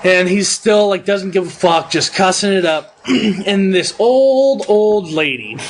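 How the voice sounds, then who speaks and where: A man's voice: sits high, animated, unhurried, a little hiss or hum. A young man co-hosting a podcast, telling a profane story and laughing through it. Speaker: podcast co-host. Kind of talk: casual chat, storytelling.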